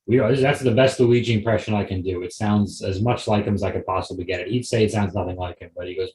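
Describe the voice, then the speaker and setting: A man's voice: lowish voice, fairly even intonation, quick pace, hardly any pauses, a little mellow, slight background noise. A young adult man hosting a comedy podcast solo, talking in a rambling, digressive and offhand way. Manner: rambling, digressive, with frequent restarts; wry and offhand. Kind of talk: casual solo podcast monologue. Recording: roomy echo.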